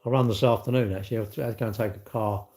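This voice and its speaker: A man's voice: lowish voice, fairly even intonation, rapid-fire, darkish tone. A man hosting a casual live stream, rambling and blunt as he reads out viewer comments and laughs often.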